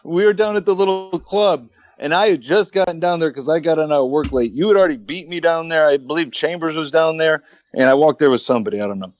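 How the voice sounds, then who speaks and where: A man's voice: a little high, quick pace, dry recording. Profane rambling veteran storyteller, man. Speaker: podcast co-host, army veteran. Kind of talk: casual storytelling chat.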